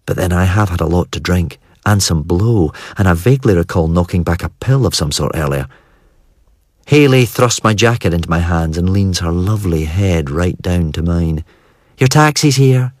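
Audiobook reader, man, very deep voice, dry close sound, wry and measured. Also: darkish tone, dry recording. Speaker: audiobook narrator. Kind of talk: first-person audiobook narration.

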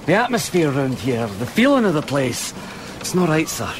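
A man's voice: a little high, huge pitch swings, normal speed, noisy background. A man playing an uneasy young royal guard who talks deferentially and nervously to his officer. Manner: deferential, nervous, keeps saying sir. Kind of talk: radio drama acting.

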